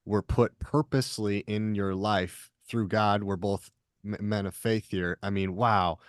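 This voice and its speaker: A podcast host with a very deep voice, speaking with enthusiastic, admiring warmth toward his guest. The sound is close and dry, with no room around it. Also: fairly even intonation, unhurried, dry recording. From United States. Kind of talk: podcast interview.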